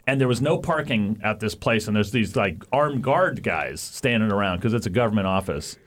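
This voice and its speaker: A man's voice: lowish voice, animated, moderate pace. A man from the United States co-hosting a podcast, telling a rambling travel story with plenty of laughter and acted-out quotes. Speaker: podcast co-host. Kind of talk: casual chat, storytelling.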